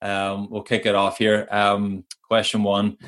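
A man's voice: on the low side, monotone, measured pace, fairly bright tone. A man, co-hosting a podcast and reading out quiz questions in a playful, laughing way. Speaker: podcast co-host, quizmaster. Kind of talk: casual quiz chat.

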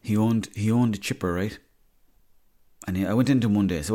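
Irish lad rambling on his podcast, lowish voice, swears a lot. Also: fairly quick, long pauses, dark tone. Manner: swears freely, storytelling. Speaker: podcast host. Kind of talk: rambling comic monologue.

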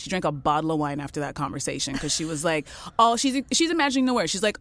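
A woman's voice: sits low, fast talker, no room sound. A woman from the Caribbean telling a story in casual chat, acting out the people she quotes. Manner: animated storyteller, acts out quoted voices.

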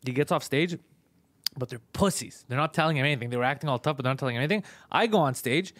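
A man casually telling a story on a podcast, fast, profane and animated. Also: medium pitch, dry recording. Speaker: podcast host, comedian.

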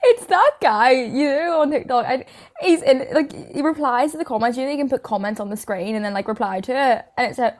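A woman's voice: sits high, animated, brisk, darkish tone. Giggly young woman. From Ireland. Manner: laughing, gossipy. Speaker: podcast co-host. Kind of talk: casual chat.

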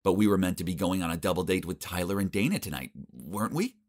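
A young adult man narrating a first-person story with expressive, dramatic comic delivery. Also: low voice, fast talker.

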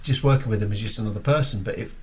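A man's voice: lowish voice, rapid-fire, a little mellow, slight background noise. A middle-aged man chatting bluntly on a podcast, swearing freely and rambling through anecdotes. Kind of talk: casual chat.

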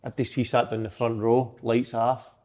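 A man's voice: mid-range voice, normal speed. A young man, a footballer, telling stories in casual chat and laughing often. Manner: laughs often, animated storytelling. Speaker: footballer guest.

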